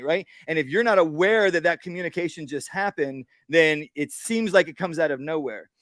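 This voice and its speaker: A man's voice: on the high side, moderate pace, hardly any pauses, fairly bright tone, no room sound, clean studio sound. A man, a dog trainer, giving a casual workshop talk outdoors and acting out what dogs and owners say.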